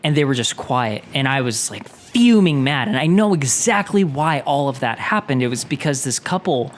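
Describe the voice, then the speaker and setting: A man's voice: mid-range voice, expressive, moderate pace. A man hosting a casual chat over a video game, telling a long story in a rambling, self-interrupting way. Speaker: host.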